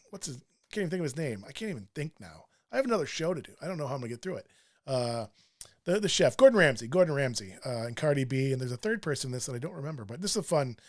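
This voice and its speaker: A man's voice: mid-range voice, a little mellow. Middle-aged man, sports show host, casual rambling commentary, self-deprecating, lots of fillers.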